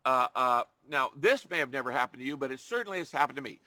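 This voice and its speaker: A man's voice: mid-range voice, expressive, fast talker, bright, forceful tone, no room sound. A man preaching a sermon, earnest and emphatic, repeating phrases for stress and acting out heartfelt prayers. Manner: acts out prayers in a pleading voice.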